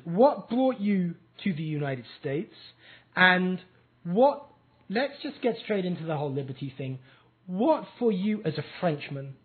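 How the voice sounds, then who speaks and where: Eloquent English-accented radio host, tinny line. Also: male voice, high-pitched, unhurried, breathy edge. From England. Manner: enthusiastic, eloquent, lively. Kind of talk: talk radio interview.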